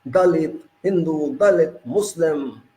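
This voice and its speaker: A man's voice: a little high, takes it slowly, dark tone, roomy sound, low-quality recording. A man from India giving an emphatic, unscripted political monologue, firing off rhetorical questions. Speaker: political commentator.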